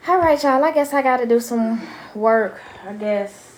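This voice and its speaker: A woman's voice: fairly high pitch, moderate pace, darkish tone, slight background noise. A middle-aged grandmother hosting a casual parenting live stream from home. She talks bluntly and chattily and keeps breaking off to talk to her grandson.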